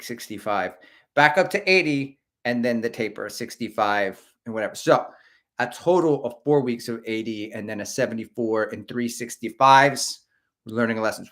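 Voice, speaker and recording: A man's voice: medium pitch, fairly bright tone. Brief: middle-aged male streamer, casual, chatty, reads comments aloud. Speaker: host of a running livestream. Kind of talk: casual livestream chat.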